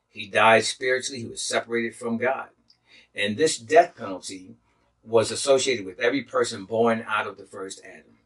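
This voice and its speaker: A man's voice: fairly low pitch, bright, forceful tone, recorded from a distance, rough recording. A man preaching as a pastor, teaching a Bible healing lesson, reading verses aloud, repeating key phrases and dropping in praise God. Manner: interjects praise God and glory to God.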